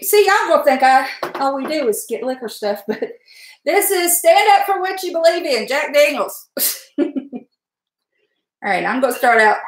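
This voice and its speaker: A woman's voice: on the high side, roomy sound, a little hiss or hum, poor audio. A woman hosting a live cooking stream, chatty and folksy, greeting viewers and laughing often. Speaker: cooking livestream host. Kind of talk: casual live cooking demo. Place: home kitchen.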